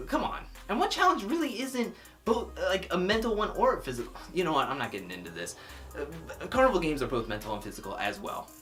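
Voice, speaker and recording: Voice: medium pitch, a bit bright. A vlogger giving a casual, opinionated recap of a reality show episode, talking freely with lots of "like" fillers.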